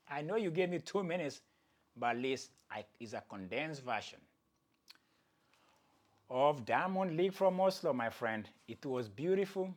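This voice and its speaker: Man, solo host, casual commentary, very animated pitch, playful, self-deprecating. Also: unhurried, pauses often. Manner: animated, playful, self-mocking, chatty asides to viewers. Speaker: athletics commentator and channel host.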